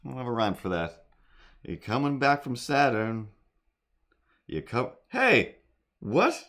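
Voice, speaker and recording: Rambling, animated man streaming live. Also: mid-range voice, takes it slowly. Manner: rambling, animated, sings silly improvised jingles. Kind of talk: casual livestream storytelling.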